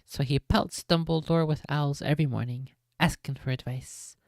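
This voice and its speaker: A woman voicing a huge, gruff but kindly man in a storybook reading, loud and blustery, with a low, dry voice. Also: steady tone, moderate pace, no echo. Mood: grumbling.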